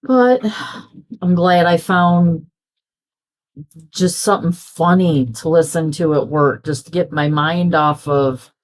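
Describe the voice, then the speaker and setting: A middle-aged woman with a low voice talks in an unhurried, rambling way as she works on a craft. She drifts from one story to the next and slips into the voices of people she quotes. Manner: chatty, rambling, acts out quoted dialogue. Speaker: crafting vlogger. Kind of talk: casual chat while crafting.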